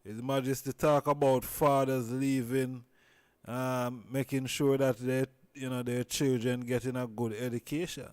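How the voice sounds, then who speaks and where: A man speaking calmly and a little hesitantly as a guest on a talk show. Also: mid-range voice, unhurried, no echo, studio quality.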